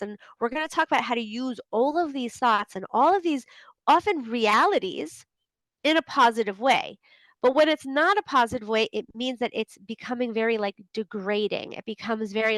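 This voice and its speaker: A woman's voice: fairly bright tone, no room sound, rough recording. Chatty woman, dry close mic. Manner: chatty, many fillers, acts out inner voices with a raised pitch. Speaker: host of a group coaching call. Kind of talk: casual talk to an online group.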